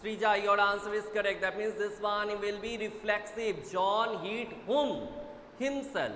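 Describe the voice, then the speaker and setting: A man with an Indian English accent teaching an online class, brisk and urging students to hurry, often repeating himself. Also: high-pitched, bright, forceful tone. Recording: echoey room with faint noise.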